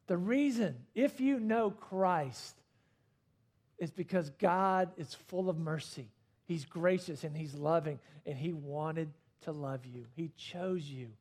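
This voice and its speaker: High-voiced man preaching with emphasis. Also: a little mellow. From not from Australia. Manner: emphatic preaching with rising and falling intensity. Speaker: pastor. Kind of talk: sermon.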